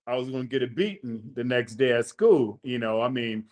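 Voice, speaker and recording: Man, podcast host, casual storytelling, slangy, animated quotes, medium pitch. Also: normal speed.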